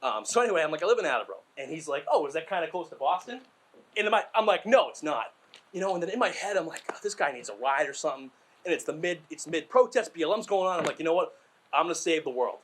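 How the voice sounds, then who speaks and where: A man's voice: a little high, lively intonation, rapid-fire, a bit bright, slight background noise. A young man from Massachusetts telling rambling, crude, self-deprecating stand-up stories, full of asides and fillers. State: out of breath. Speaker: stand-up comedian.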